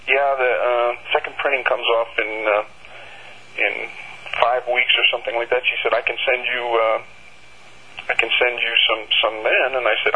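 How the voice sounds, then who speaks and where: A man, an author and bookseller, telling animated anecdotes with frequent laughs and halting restarts. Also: mid-range voice, dull audio, a little hiss or hum. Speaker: author guest. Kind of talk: casual storytelling. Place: bookstore owner, Denver.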